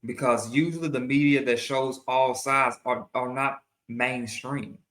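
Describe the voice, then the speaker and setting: Male host, earnest commentary monologue; talks slowly and repeats himself, bright edge to the voice. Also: medium pitch, steady tone, roomy sound. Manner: earnest, repeats and restarts phrases. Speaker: show host.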